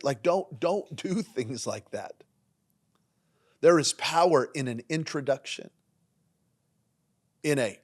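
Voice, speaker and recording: A man delivers a sermon-style leadership talk as a pastor and podcast host. His pitch sits at an everyday middle level, and he hammers points home by repeating single words. He moves between forceful lines and softer, quieter asides. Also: lively intonation, slow, pauses often. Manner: emphatic and repetitive, swinging between punchy lines and quiet asides.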